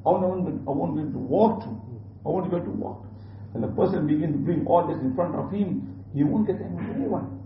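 A man's voice: a little high, brisk, a little hiss or hum. A man giving an earnest religious sermon, repeating his points and mixing in Urdu religious terms. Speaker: preacher. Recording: distant, roomy, dull lo-fi recording.

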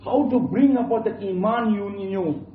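High-voiced man preaching in a roomy hall. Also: moderate pace. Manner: repetitive, emphatic, with many restarts. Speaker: Islamic preacher. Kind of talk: sermon. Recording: roomy, distant, dull lo-fi with faint hum.

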